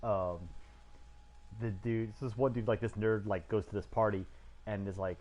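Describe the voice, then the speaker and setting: A man chatting casually while he plays a game, rambling through stories and jumping into animated voices for the people he quotes. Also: fairly low pitch, moderate pace. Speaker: gaming streamer. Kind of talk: casual chat while gaming.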